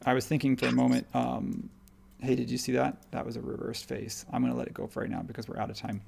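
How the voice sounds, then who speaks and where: A man hosting a live software tutorial, talking casually and upbeat, thinking aloud as he works. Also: mid-range voice, fairly even intonation, quick pace, gravelly, breathy edge. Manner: rambling, upbeat, thinks aloud while working. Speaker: live stream host and modeling instructor.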